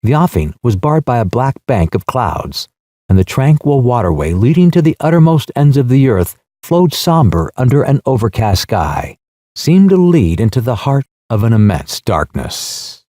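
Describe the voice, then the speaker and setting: A man narrating a literary audiobook in a measured, solemn, expressive read on a close studio mic. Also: mid-range voice, no room sound.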